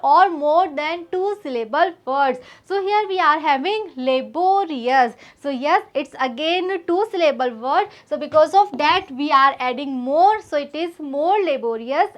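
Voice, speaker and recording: A woman with an Indian English accent teaching a grammar lesson, explaining patiently and often addressing the student directly. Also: sits high. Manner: patient explaining, repeats "student" and "we are having".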